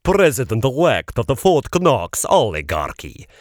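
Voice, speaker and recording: A man doing a pompous, deep-voiced creature tsar. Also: huge pitch swings, measured pace, dry recording, studio quality. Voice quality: rich deep accented voice. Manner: grand and booming. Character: pompous steam-snorting male tsar creature.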